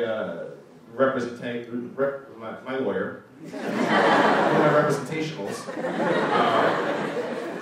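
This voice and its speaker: A man in his thirties telling stories to students in a casual talk, animated and laughing often as he goes. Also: medium pitch, slight background noise. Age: 30s. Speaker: guest speaker. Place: school auditorium. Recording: echoey hall, voice picked up from far off.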